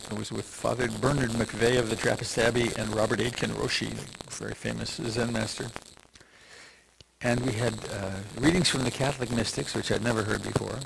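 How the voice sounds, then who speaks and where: A man's voice: mid-range voice, vocal fry, background noise. An older man, a meditation teacher, giving a reflective, meandering dharma talk full of restarts and asides.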